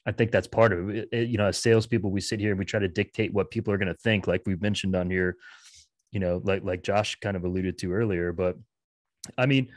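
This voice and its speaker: A man's voice: low voice, steady tone, fast talker, no echo. A man co-hosting a podcast, asking loose, rambling questions in a casual chat. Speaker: podcast co-host.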